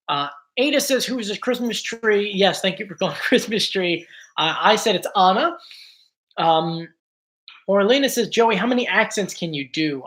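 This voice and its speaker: A man's voice: high-pitched, fairly bright tone. A man from South Jersey hosting a casual livestream, reading viewer comments and answering in a chatty, rambling way full of likes and ums. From South Jersey, USA. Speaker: YouTube show host.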